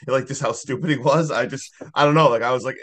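A man's voice: mid-range voice, quick pace. A man on a podcast video call, chatting casually about a movie, rambling with lots of fillers. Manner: rambling, lots of "like" and "I don't know". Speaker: podcast co-host.

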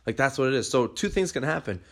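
A man's voice: medium pitch, animated, fast talker, a bit bright. A young man hosting a podcast, talking bluntly and animatedly, swearing freely as he gives motivational advice. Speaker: podcast host.

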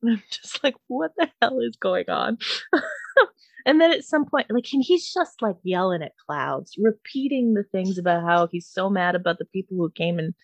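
A woman hosts a podcast and tells a story in relaxed, chatty fashion. She laughs often, swears without a thought and slips into quick impressions of the people she describes. Her voice sits close to the mic with no room sound. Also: medium pitch, no echo. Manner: animated, laughing, swears freely, acts out quotes. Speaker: podcast host. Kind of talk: casual storytelling chat.

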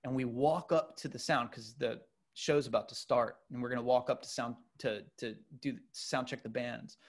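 In a casual conversation, a middle-aged man with a medium-pitched voice tells a long personal story at normal speed. He's loose and animated, with many fillers and restarts.

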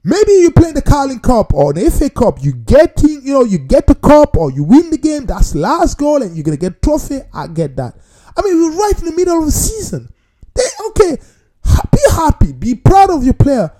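Animated man ranting about football. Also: very high-pitched, moderate pace. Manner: animated, repetitive, talks straight to viewers as "people". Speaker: football commentator. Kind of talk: casual football opinion monologue.

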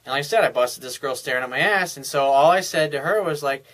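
Confident male dating coach, bright and slightly high voice, cocky and profane, rambling storyteller. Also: quick pace. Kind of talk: casual advice monologue.

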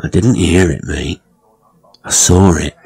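A man's voice: low voice, slow pace, creaky, darkish tone, husky, exaggerated voice. A man voicing a crude, smug middle-aged village gossip in a pub, with a coarse, knowing manner. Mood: gossipy.

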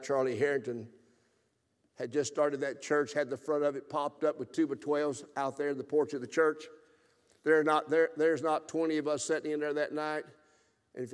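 A man in his seventies preaching a revival sermon, telling his own story and swinging from loud exclaiming to hushed, tearful telling. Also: on the high side, long reverb tail. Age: 70s. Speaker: pastor. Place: church sanctuary.

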